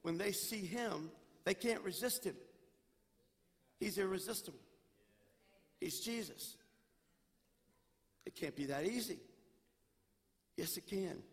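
A senior pastor preaching a sermon, moving from loud pleading to quiet storytelling. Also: male voice, sits high, takes it slowly, long pauses, husky. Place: church sanctuary. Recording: long church reverb.

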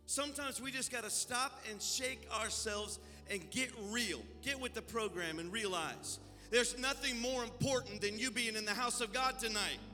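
A high-pitched man preaches with fervor, rallying his congregation. His voice is bright and forceful, carrying a long church-hall reverb with faint music underneath. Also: normal speed, hardly any pauses. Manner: fervent, exhorting, calls out to the congregation. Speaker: pastor. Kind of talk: sermon and worship leading. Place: church sanctuary.

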